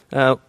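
Easygoing male preacher, dry close sound. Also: no room sound. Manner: relaxed, frequent "uh" fillers, chuckles at himself; soft, hushed tone when praying. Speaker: pastor. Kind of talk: conversational sermon.

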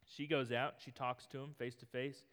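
A man's voice: mid-range voice, flat delivery, normal speed, fairly bright tone. A man in his thirties preaching a sermon, reading scripture and talking in an earnest, conversational way. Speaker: pastor. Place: church sanctuary. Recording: long hall reverb.

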